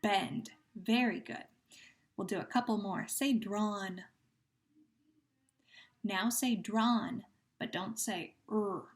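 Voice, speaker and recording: Slow, patient woman teaching sounds. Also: medium pitch. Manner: slow, patient drills with pauses and gentle praise. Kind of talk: phonemic awareness lesson for young children.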